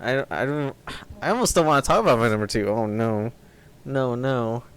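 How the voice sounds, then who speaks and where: A man's voice: mid-range voice, animated, moderate pace, clear, resonant tone. A man co-hosting a podcast, complaining about films in exasperated, profane casual chat. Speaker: podcast co-host. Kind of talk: casual film review chat.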